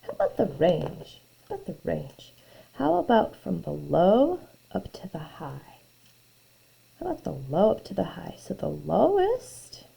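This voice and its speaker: A woman's voice: medium pitch, creaky, dark tone, breathy edge, poor audio. A woman math teacher talking through graph problems in a recorded lesson, thinking aloud, repeating her phrases and often dropping to a near-whisper.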